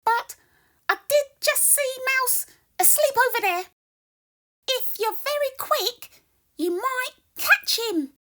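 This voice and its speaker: A woman voicing a small, squeaky mouse who fibs in a storybook read-aloud. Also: lively intonation, sharp tone, full character voice. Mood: sly. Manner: squeaky, quick. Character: little squeaky fibbing mouse.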